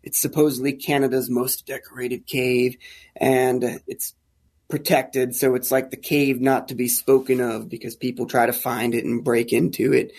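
A man telling a caving story as a podcast guest, casual and animated, acting out the lines of people in it. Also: medium pitch, normal speed, breathy edge. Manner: animated, acts out quoted dialogue. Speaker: guest, caver.

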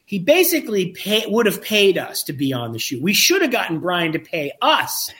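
A man telling a lively anecdote about making a documentary, acting out the quoted dialogue and often restarting his sentences. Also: high voice, normal speed. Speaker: documentary filmmaker. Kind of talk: casual storytelling in an interview.

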